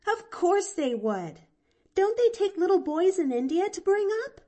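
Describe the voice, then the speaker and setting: A woman's voice: very high voice, very animated, measured pace, warm tone, voice pushed up, exaggerated voice. A woman reading an audiobook, voicing a cheerful, chattering little girl who rambles breathlessly. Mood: eager.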